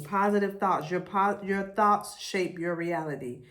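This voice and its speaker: A woman giving a spiritual tarot reading, talking in a slow, repetitive way and leading the listener through affirmations. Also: medium pitch, fairly bright tone, a little hiss or hum. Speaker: tarot reader.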